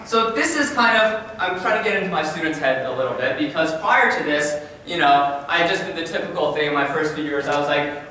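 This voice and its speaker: High, bright-voiced man in an echoey hall. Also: a little fast, few pauses. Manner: energetic, animated, repeats words when starting. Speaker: high school science teacher presenting. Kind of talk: conference presentation. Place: large conference room. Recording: echoey hall from far off, faint noise.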